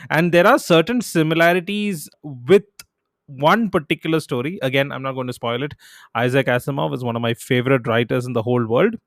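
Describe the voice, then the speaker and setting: A man's voice: mid-range voice, a little fast, no room sound, studio quality. Playful male quiz podcast contestant. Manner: playful, thinks aloud. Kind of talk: casual quiz chat.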